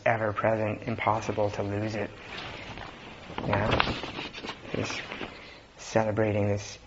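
Male Zen teacher, unhurried, halting delivery, muffled lo-fi recording. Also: lowish voice. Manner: relaxed, halting, with frequent fillers and soft laughs. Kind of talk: dharma talk. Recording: dull lo-fi recording with faint noise.

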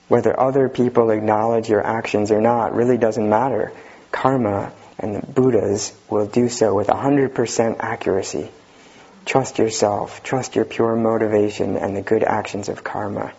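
A man teaching as a Zen teacher, giving a talk with dry humor and an unhurried manner. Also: lowish voice, warm tone, breathy edge. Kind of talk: dharma talk reading and commenting. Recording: dull lo-fi recording.

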